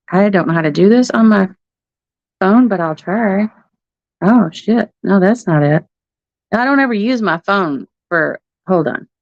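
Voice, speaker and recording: A woman's voice: medium pitch, vocal fry, darkish tone, dry recording. Woman, middle-aged, chatty livestream host, laughs a lot, casual cursing, dry close phone audio. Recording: muffled phone stream audio.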